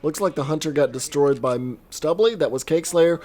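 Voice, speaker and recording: A man coaching a player over gameplay footage in casual commentary, animated with quick reactions and a voice strained from talking. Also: a little high. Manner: animated, quick reactions, self-deprecating asides. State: voice strained from long recording.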